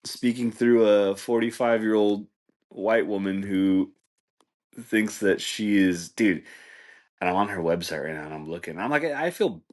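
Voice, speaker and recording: Low-voiced rambling podcast dude. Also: male voice, measured pace, a little mellow. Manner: rambling, laid-back, says "dude" and "like" a lot, laughs at his own jokes. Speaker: podcast host. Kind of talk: casual comedic monologue.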